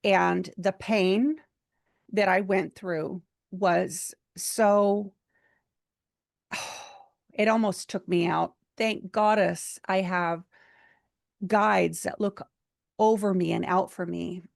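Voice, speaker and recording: Woman, gravelly voice, dry close sound, earnest chatty storytelling. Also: medium pitch, fairly even intonation, extremely slow, pauses often, no echo. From United States. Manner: earnest, chatty with many fillers. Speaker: seminar speaker. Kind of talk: personal storytelling in a talk.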